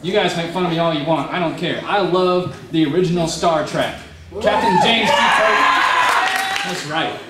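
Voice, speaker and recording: A young man's slightly high voice holds a steady tone as he speaks briskly with few pauses. He's a motivational youth speaker giving a rambling, self-mocking speech and answering questions before a youth group in a large room, captured by a distant mic in an echoey space with crowd noise.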